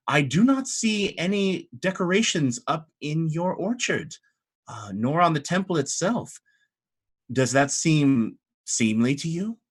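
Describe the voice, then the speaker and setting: A man's voice: fairly high pitch, voice pushed up. A man voicing a pompous, threatening church official. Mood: stern. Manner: formal, veiled threats.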